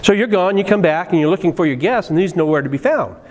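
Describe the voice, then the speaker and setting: A male pastor preaching a sermon in a church, telling stories in an animated, conversational way with many restarts. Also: high-pitched, fast talker. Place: church sanctuary. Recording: long reverb of a church hall.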